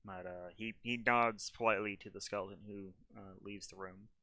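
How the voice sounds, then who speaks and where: A man's voice: on the low side, fairly even intonation, moderate pace, bright, forceful tone, dry recording. A man narrating as game master of a tabletop game, loose and full of ums and restarts.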